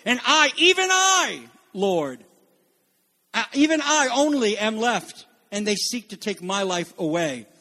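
A weary prophet pours out his complaint, as a preacher reads him aloud. The voice sits a little high and earnest, pleading and worn down. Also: very animated, measured pace, pushed and bright, exaggerated voice.

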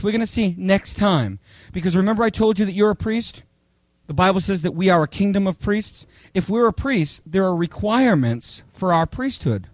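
A male pastor with a high voice delivers a sermon full of animated stories. He keeps checking in with the congregation with a quick "okay?" or "right?". The sound is close and dry, with no room echo.

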